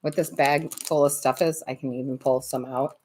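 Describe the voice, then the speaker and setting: A woman's voice: rumbling low, fairly even intonation, moderate pace, darkish tone, slight background noise. A woman hosting a live tarot stream, chatting casually, laughing often and greeting viewers by name.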